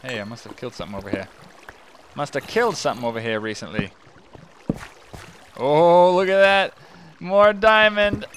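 Excitable man chatting over gameplay. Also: fairly high pitch, moderate pace, pauses often, noisy background. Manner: chatty, excitable, talks to himself while playing. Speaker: gaming channel host. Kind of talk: casual gameplay commentary.

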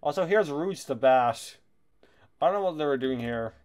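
A man giving casual, excitable commentary over a video game, laughing and swearing often. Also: fairly high pitch, normal speed, clear, resonant tone. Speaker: gaming YouTuber.

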